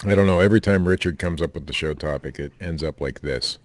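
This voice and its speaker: A man with a very low voice trades teasing, deadpan jokes in a relaxed podcast chat. His one-liners come off flat and dry. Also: quick pace, dry recording. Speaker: podcast co-host. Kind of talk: casual chat.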